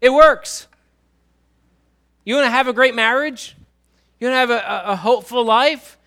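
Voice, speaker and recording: A man preaching a sermon in a church, swinging between loud emphasis and quiet low lines and drawing answers from the congregation. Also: moderate pace. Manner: asks the congregation questions and writes on a whiteboard. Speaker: pastor.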